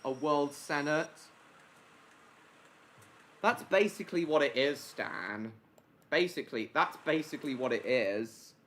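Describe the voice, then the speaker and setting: A man's voice: on the high side, measured pace, long pauses, fairly bright tone, a little hiss or hum. Chatty man hosting a live stream. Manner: chatty, answers viewers by name mid-sentence; rambling with repeated fillers like basically and reckon. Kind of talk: casual live stream chat.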